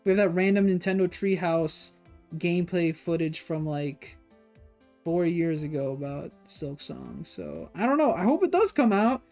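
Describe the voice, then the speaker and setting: A streamer chatting casually on a livestream in a rambling way, whose voice leaps high when excited. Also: moderate pace, soft background music. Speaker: streamer reacting to game announcements.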